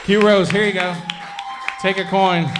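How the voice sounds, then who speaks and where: A man's voice: sits high, level tone, a little slow, music in the background, a crowd in the background. A man hosting a live comedy show, introducing comics in a casual, profane way. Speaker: host.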